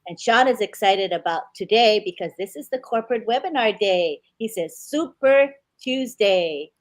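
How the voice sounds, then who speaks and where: A woman's voice: medium pitch, fairly quick. Woman host reading out viewer comments. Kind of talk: live webinar moderation.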